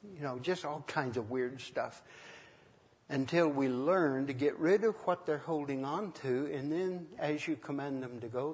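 An older man, a minister, preaching in an unhurried, conversational way, telling stories from his ministry with frequent pauses. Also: mid-range voice, big-room sound. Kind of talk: sermon teaching with personal stories.

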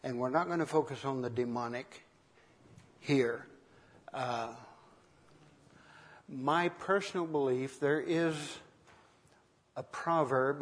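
An older male minister gives a relaxed, conversational sermon, pausing often as he tells stories from his ministry. His voice sits at an ordinary middle pitch. The sound carries a long, lingering reverb, as if recorded in a large hall. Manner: unhurried, conversational preaching with many pauses. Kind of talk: sermon teaching with personal stories.

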